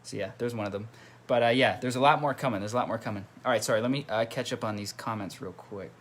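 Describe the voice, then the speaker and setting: Sitting at his home computer, a musician runs a relaxed livestream, his fast, lowish voice carrying a little hiss or hum. He chats away, reading out comments from viewers and saying hello to them.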